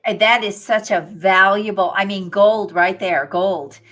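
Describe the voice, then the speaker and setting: A woman's voice: mid-range voice, measured pace, a bit bright. A woman hosting as a business coach, giving enthusiastic, encouraging advice in casual chat.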